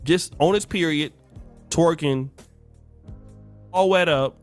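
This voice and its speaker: A man's voice: fairly high pitch, slow, faint music behind. A man hosting a livestream, mocking and taunting his target with laughter. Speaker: streamer host. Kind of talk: mocking commentary.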